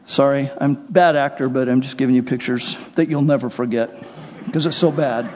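Guy preaching in a big echoey hall, kinda husky, high voice, does little voices for his stories. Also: fairly quick. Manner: animated, acts out little scenes and voices. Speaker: pastor. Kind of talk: sermon. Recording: muffled sound with long hall reverb.

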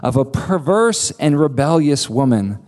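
A man's voice: mid-range voice, big pitch swings, unhurried, a little mellow, faint music behind. A male preacher voicing a furious older king who rails accusingly at his son. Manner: fierce, accusing tirade. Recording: long reverb of a large hall.

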